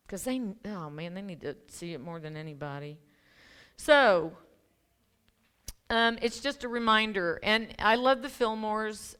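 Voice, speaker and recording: A woman's voice: mid-range voice, a bit bright, clean tone. A middle-aged woman minister giving a casual, conversational sermon in church, with laughing asides and frequent ums and restarts. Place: church sanctuary.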